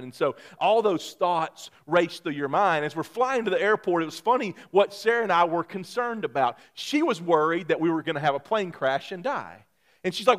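A man preaching as a pastor, praying and telling a self-mocking family story in an animated way. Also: sits high. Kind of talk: sermon. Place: church sanctuary.

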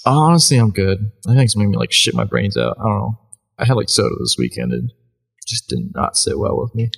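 A man's voice: lowish voice, very animated, a little fast, vocal fry, husky. A man co-hosting a comedy podcast in casual chat, rambling with lots of restarts, swearing and laughter. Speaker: podcast co-host.

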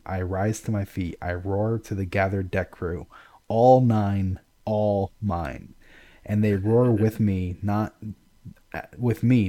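Man reading a novel aloud, low mellow voice. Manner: dramatic first-person narration.

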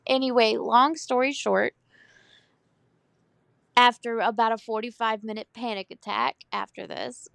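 A woman with a Southern US accent co-hosting a casual chat, telling stories in an animated way and laughing as she goes. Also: sits high, gravelly, no room sound, studio quality. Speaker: podcast co-host.

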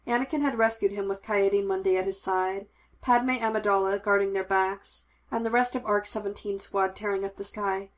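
A woman narrating a fan fiction audiobook. Her reading is measured and expressive. Her voice sits at a middle pitch.

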